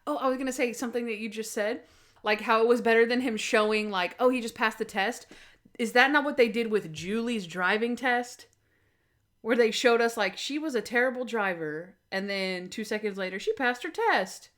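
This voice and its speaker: Lively young woman recapping an episode. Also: a little high, moderate pace. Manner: animated, acts out scenes in quoted voices. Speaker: podcast co-host. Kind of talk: casual chat.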